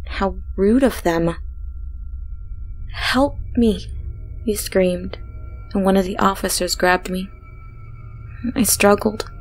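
A woman narrating a horror story in a hushed way, slipping into whispered passages. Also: medium pitch.

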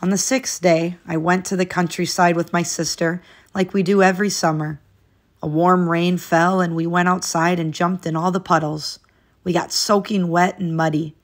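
A woman's voice: lowish voice, little pitch movement, moderate pace. A woman reading a children's picture book aloud, lifting her voice expressively as each new day in the story begins.

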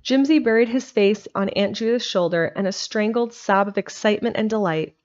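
A woman narrating an old storybook chapter with a gentle, expressive reading style. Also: medium pitch, fairly quick. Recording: dull lo-fi home recording.

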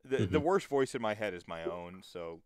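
Male podcast host, low-ish smooth voice, loose rambling talk full of restarts. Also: animated, normal speed, dry recording, studio quality. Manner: rambling, many restarts and fillers, swears freely. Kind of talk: casual podcast chat.

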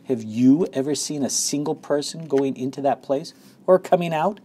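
A man's voice: fairly high pitch, moderate pace, breathy edge, voice pushed up. A man voicing an old grandfather spinning a story for a child in a storybook reading, sometimes dropping to a secret whisper. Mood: conspiratorial. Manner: animated storytelling that drops to a hushed whisper. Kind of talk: storybook read-aloud.

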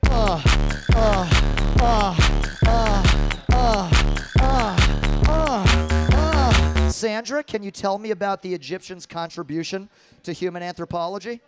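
A man's voice: sits high, slow. A man playing an exasperated, crude schoolteacher, half-singing in improvised comedy over loops. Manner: half-sung, drawling, crude outbursts. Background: loud looped music.

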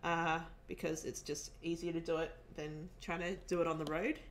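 A woman's voice: deep voice, level tone, normal speed, slight background noise. A woman hosting a casual chat at her home, chatty and giggly, with lots of fillers. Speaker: host.

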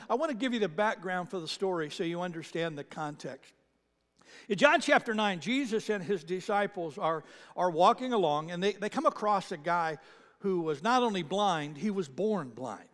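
A man preaching a conversational sermon as pastor, animated in his retelling, slowing down for emphasis. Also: high voice. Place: church sanctuary. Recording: long hall reverb.

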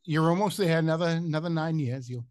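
Male host, friendly interviewer, slightly high voice, dry sound. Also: quick pace, a little mellow, no echo. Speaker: podcast host. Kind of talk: conversational interviewing.

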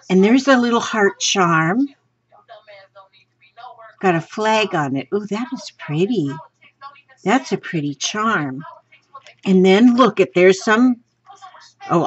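Slow, husky woman gushing over mail. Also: mid-range voice. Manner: gushing and excitable, talks to viewers while handling items. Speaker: craft vlogger. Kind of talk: casual unboxing chat. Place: home craft room. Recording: slightly dull lo-fi sound.

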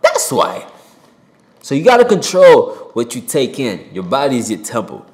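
A rapper giving a heated opinion monologue to camera from a home desk mic, swearing and jumping loud and high for emphasis. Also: male voice, wildly swooping pitch, moderate pace, echoey room. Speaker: rapper and commentator. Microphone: desk mic with pop filter.

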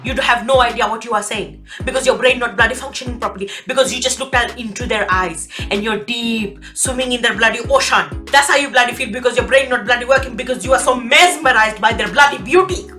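A woman's voice: a little high, fairly quick, hardly any pauses, pushed and bright, soft background music. A woman doing an exasperated comedic rant, swearing often. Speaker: comedy youtuber. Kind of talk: comedic monologue.

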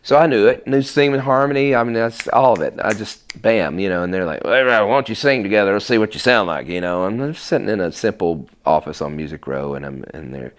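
A man, a guest musician, telling stories in a casual interview, animated and rambling with many restarts. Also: fairly low pitch. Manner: animated, acts out conversations with quick voice shifts.

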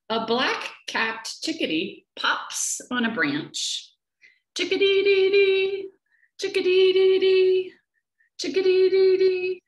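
A woman educator reading a picture book aloud to young children, gentle and slow, often asking them questions, over a webcam. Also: medium pitch. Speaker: children's nature program educator. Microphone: laptop or webcam for a video session. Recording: echoey room.

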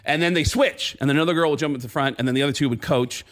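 Guy with a canadian accent telling a wild story on a radio show, kinda high voice, jumps between voices, keeps cracking up. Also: rapid-fire, a bit bright. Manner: acts out other people's lines, pitch jumping high and low, laughing through the story. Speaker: comedian guest telling a story. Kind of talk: animated comic storytelling. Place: radio studio.

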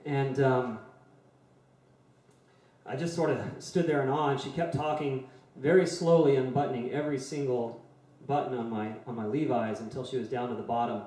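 A man in his forties telling a personal story in a soft, halting way before playing a song. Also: medium pitch, fairly even intonation. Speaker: singer-songwriter. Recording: very echoey room.

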